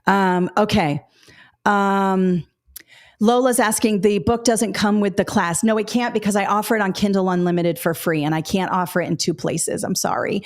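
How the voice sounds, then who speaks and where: A woman's voice: medium pitch, steady tone, normal speed. A middle-aged woman hosting a live teaching webinar, talking directly and casually with frequent fillers. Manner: chatty, direct, many fillers and asides. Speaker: education webinar host.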